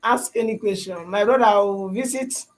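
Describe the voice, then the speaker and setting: A man's voice: high voice, normal speed, poor audio. A young Nigerian man with a Nigerian English and Pidgin accent, chatting casually with viewers on a livestream and often repeating himself and asking "you understand?". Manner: repetitive, asks "you understand?". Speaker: livestream host.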